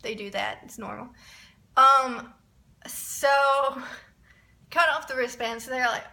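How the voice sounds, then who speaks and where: A young woman telling a rambling, excitable story in a casual vlog, often restarting her sentences. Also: high voice, slow pace, gravelly, pauses often. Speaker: vlogger.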